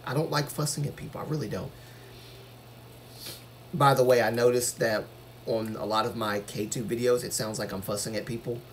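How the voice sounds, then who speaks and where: A man's voice: medium pitch, fairly even intonation, normal speed, pauses often. Man, casual streamer, mid-range voice that projects, faint background hum. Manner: earnest, rambling, projects his voice when passionate. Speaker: live streamer. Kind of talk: casual live stream chat.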